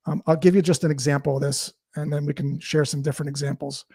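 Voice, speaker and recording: A man with a fairly high voice, speaking as a guest in an interview. He explains sales ideas in a relaxed way through stories and acted-out dialogue. The sound is dry, with almost no room echo. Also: quick pace, slightly rough. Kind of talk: conversational interview storytelling.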